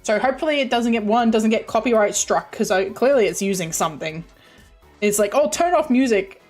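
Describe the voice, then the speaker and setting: A woman's voice: mid-range voice, fairly quick, darkish tone, soft background music. A woman streamer chatting casually to her viewers, bubbly, rambling and giggly. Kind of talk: casual chat on a game stream.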